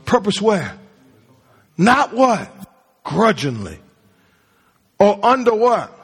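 A man's voice: high voice, huge pitch swings, slow, fairly bright tone, breathy edge. A man preaching a sermon to his congregation in call-and-response style, quizzing them as he speaks. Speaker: pastor. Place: church sanctuary. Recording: long hall reverb.

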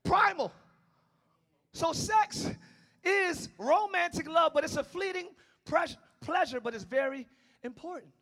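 A male pastor preaching a passionate sermon, swinging between shouting and hushed tones and talking straight to the congregation. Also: very high-pitched, measured pace, gravelly, pauses often. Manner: talks directly to the congregation, calling them y'all.

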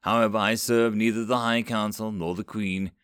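A man voicing a polished, mysterious male alien envoy who speaks politely, with calm amusement. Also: lowish voice, moderate pace, clear, resonant tone, no echo, clean studio sound, natural voice. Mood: composed. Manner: polite, composed, faintly amused.

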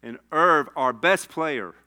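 Bright, clear-voiced male preacher telling a story. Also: a little high, slow pace. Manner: storytelling, rising to passionate exhortation. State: tearful. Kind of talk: sermon with personal story.

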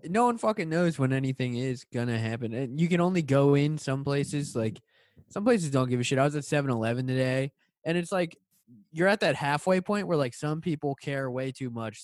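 A man's voice: medium pitch, animated, normal speed, dry recording, studio quality. A man chatting casually, rambling and swearing as he laughs through his stories. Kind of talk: casual chat.

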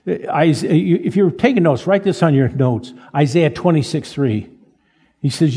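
A man in his seventies preaching a sermon in a folksy, halting way, repeating words as he tells stories. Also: medium pitch, dark tone, slightly rough. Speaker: pastor. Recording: long reverb of a large hall.

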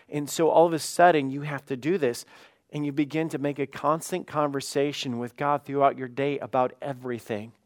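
A man's voice: mid-range voice, dry recording, clean studio sound. A man preaching as lead pastor, talking conversationally and acting out honest prayers and everyday dialogue with rising emphasis. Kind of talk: sermon.

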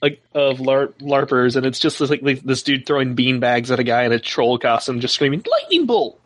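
A man playing in a tabletop game, describing his character's approach in a relaxed way full of fillers. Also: medium pitch, brisk, few pauses, a little hiss or hum. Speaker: player. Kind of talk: casual tabletop play.

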